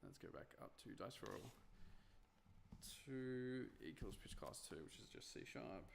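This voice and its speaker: A man's voice: medium pitch, sing-song, measured pace, creaky, noisy background. A young man streaming himself at work, muttering notes to himself with self-mocking asides. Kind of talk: casual live-stream talk while working.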